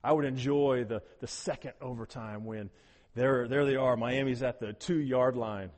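A man preaching a sermon as pastor, animated, swinging between hushed, soft passages and loud, emphatic ones. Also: mid-range voice, measured pace, long reverb tail.

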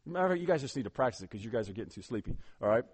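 A man's voice: medium pitch, sing-song, very fast, husky. A man preaching a sermon as pastor, urging his congregation on emphatically and often repeating words as he goes.

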